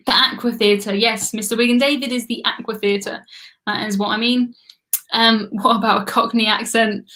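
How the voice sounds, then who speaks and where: A woman's voice: fairly high pitch, steady tone, normal speed, fairly bright tone. An English woman hosting a live trivia stream, chatting casually and laughing often as she reads viewer comments.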